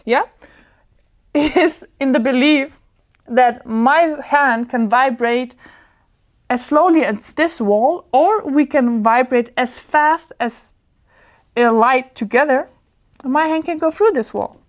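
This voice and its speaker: A woman's voice: high-pitched, slow pace. Earnest woman giving a spiritual talk. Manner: earnest, searching, often breaks into laughter. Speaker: spiritual speaker. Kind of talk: informal talk to a small group.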